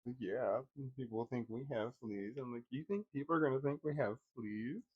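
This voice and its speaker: A man in his forties casually telling personal stories, wry and laughing at first, trailing off into bitter quiet. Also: medium pitch, moderate pace, highs cut off, a little hiss or hum. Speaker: vlogger.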